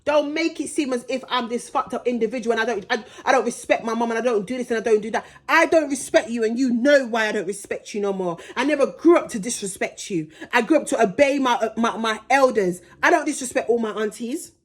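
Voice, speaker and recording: A woman's voice: on the high side, fast, hardly any pauses. A young pregnant woman, vlogging straight to camera, blunt and indignant, swearing freely and calling it passion. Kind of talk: heated direct-to-camera vlog.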